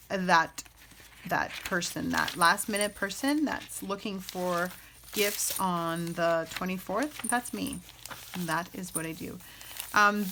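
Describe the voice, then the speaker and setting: A woman in her thirties, a junk journal crafter and channel host, leads a casual craft flip-through with a lowish, bright, forceful voice over slight background noise. She rambles, pokes fun at herself, and uses plenty of filler words.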